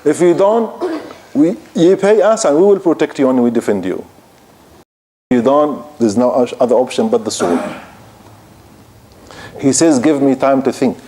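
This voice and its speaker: A male lecturer at a mosque retelling a battle story with energy, slipping into Arabic phrases and acting out the people in it. His voice is warm and mellow, at an ordinary middle pitch. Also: unhurried, long pauses. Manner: animated retelling in non-native English, mixing Arabic phrases. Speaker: Islamic lecturer.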